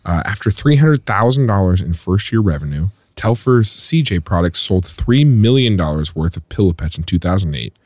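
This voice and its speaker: A man's voice: low voice, expressive, normal speed, hardly any pauses, a little mellow, dry recording, clean studio sound. A young man hosting a podcast in casual chat, often laughing as he tells his stories. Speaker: podcast host.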